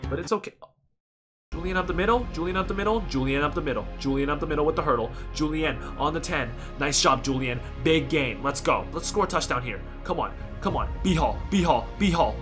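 A young man giving excited commentary over a football video game, yelling at his players and joking with viewers. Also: on the high side, fairly quick, music in the background. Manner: hyped, yells at players, jokes to viewers. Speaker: gaming YouTuber.

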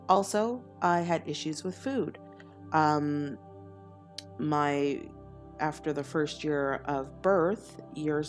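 A woman's voice: sits low, unhurried, soft background music. A woman, a spiritual teacher, telling her life story in an earnest, confessional way, laughing now and then. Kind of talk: personal storytelling monologue.

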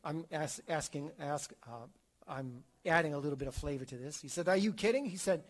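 Brief: male catechism teacher, slightly higher voice, animated, acts out quotes, frequent restarts. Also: normal speed. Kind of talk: theology class lecture.

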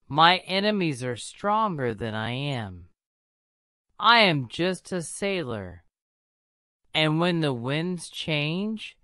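A sorrowful king speaks very slowly and softly, his lines rising and falling widely, as a woman reads him aloud from a storybook. The voice is bright and clean, recorded dry and close. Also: low voice, no room sound, heavily acted. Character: sad, gentle male king giving up his throne.

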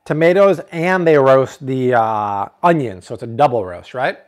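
A man hosting a casual cooking livestream from a home kitchen, upbeat and quick to laugh, reading out donations. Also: medium pitch, animated. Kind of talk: casual live cooking chat.

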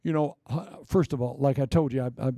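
A middle-aged man preaching a sermon as pastor, joking, with loud declarations and quiet asides. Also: medium pitch, brisk, no room sound, clean studio sound. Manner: lively, joking, swings between loud proclamations and quiet asides.

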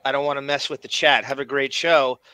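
A man's voice: mid-range voice, flat delivery, fairly quick, sharp tone, smooth, no room sound. A man with a Long Island accent hosting a casual live-stream chat, rambling and self-deprecating. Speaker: show host.

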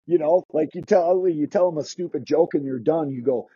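A man's voice: fairly high pitch, a little fast, hardly any pauses, mellow, slightly rough, dry recording, lo-fi sound. A man who teaches skating, talking casually in a podcast interview, restarting his sentences and acting out what kids say. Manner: chatty, restarts sentences, acts out quoted kids. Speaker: skating instructor.

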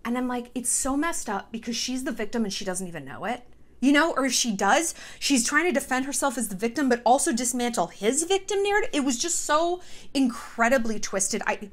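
A woman host talking straight to camera in casual commentary. Her voice sits a little high, and her delivery is sarcastic and profane. She keeps breaking into quick, mocking impressions. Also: big pitch swings, fairly bright tone.

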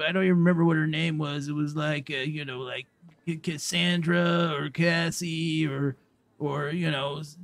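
A slow-witted young bro, played in a roleplay game by a man with a gravelly, slightly raised voice. He rambles, restarts his sentences and tacks bro or man onto almost everything, recorded close and dry. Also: a little high, a bit bright, dry recording. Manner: rambling, halting, says bro and man a lot. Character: dim, rambling young male bro character. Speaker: roleplay streamer. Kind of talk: in-character roleplay chat.

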